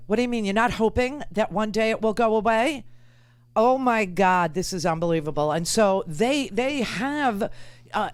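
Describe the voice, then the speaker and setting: A woman's voice: medium pitch, no echo. A woman radio host giving sarcastic, ranting political commentary.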